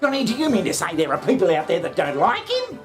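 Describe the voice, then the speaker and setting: A woman's voice: mid-range voice, wildly swooping pitch, fast talker, over music. A woman hosting a satirical comedy show, sarcastic and full of swearing, often laughing.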